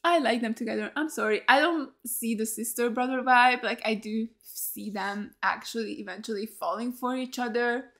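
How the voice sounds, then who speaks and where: A woman's voice: fairly high pitch, normal speed, hardly any pauses, a bit bright. A woman giving a casual, emotional reaction to a TV episode, rambling and cutting herself off mid-thought. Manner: rambling, emotional, self-interrupting. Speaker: TV reaction host.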